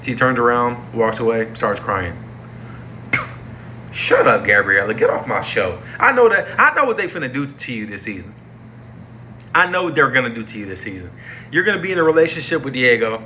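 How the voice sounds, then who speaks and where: A young man rants through a review of a TV series, heated and exasperated, full of slang and repetition. His voice sits at a middle pitch and comes across bright and forceful, with a faint hiss of noise behind him. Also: big pitch swings, fairly quick. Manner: heated, slangy and exasperated, repeating himself for emphasis. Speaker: TV show reviewer. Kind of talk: casual ranting review.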